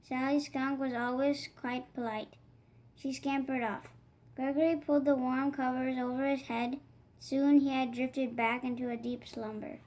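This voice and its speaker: A woman reading a children's picture book aloud in a gentle, expressive way. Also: high voice, normal speed, poor audio. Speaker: storybook reader. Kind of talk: children's read-aloud narration.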